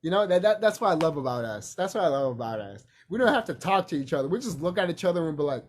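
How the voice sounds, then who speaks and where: A man vlogging in a rambling, profane casual monologue, animated and laughing often. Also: a little high, fast, hardly any pauses.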